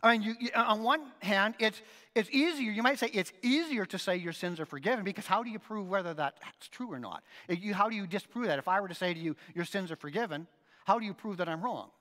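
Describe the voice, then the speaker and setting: A man preaching a sermon in a conversational, animated way, often checking in with his listeners. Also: sits high, fast talker, long reverb tail. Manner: animated, conversational preaching with frequent "right?" asides. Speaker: pastor.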